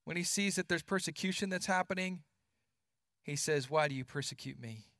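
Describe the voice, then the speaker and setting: Male preacher, high voice, earnest, repeats words, sinks low for stress; dry close sound. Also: a little fast, sharp tone, no echo. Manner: earnest, repeats words while building points, drops voice for emphasis. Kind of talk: sermon.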